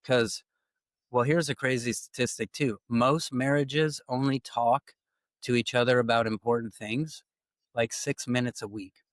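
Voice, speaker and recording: A man hosts a podcast in a relaxed, talky way, telling stories and slipping into the voices of the people he quotes. His voice sits at a middle pitch. It is recorded close and dry, with no room around it. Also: a little slow, dry recording. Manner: animated storytelling, acting out quoted dialogue. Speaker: podcast host. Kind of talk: casual conversational podcast talk.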